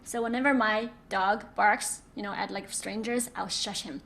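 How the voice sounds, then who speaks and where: A woman's voice: medium pitch, steady tone, moderate pace, gravelly, hardly any pauses, pushed and bright. A woman teaching Mandarin pronunciation in an online lesson, patiently demonstrating sounds and repeating words for students to copy. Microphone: own microphone.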